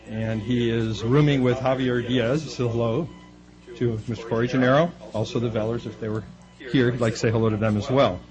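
A middle-aged man preaching a sermon, animated and playful, lifting his voice high to act out quoted speech. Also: fairly quick, over music, poor audio. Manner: animated, acting out quoted voices with rising pitch. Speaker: pastor.

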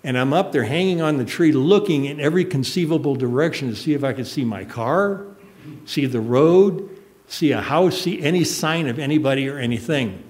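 A man's voice: a little high, expressive, normal speed, a little mellow. An older man preaching a sermon, telling a personal story in an earnest, emotional way. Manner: emotional, earnest, choked up at moments.

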